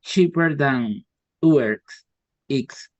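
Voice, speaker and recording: A man learning English, speaking in halting, broken sentences in class. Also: mid-range voice, expressive, a little mellow, dry recording. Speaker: English student. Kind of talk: classroom chat.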